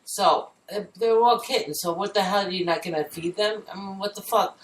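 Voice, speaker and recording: A woman's voice: mid-range voice, fairly quick, recorded from a distance, slight background noise. Blunt woman co-host, off-mic in an echoey room. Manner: blunt, grumbling, swears freely. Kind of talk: casual chat.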